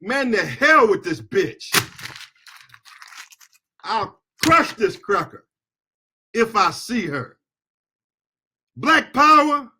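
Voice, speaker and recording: A middle-aged American man giving a fiery political speech as an attorney and activist, impassioned and shouting at peaks, with call-and-response chants. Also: sits high, big pitch swings, slow, pauses often, breathy edge. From United States.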